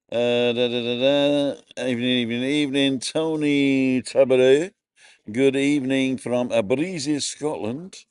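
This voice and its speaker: A man's voice: medium pitch, clear, resonant tone, dry recording. A middle-aged man casually chatting on a live stream from a bar, greeting viewers by name and wearing earphones.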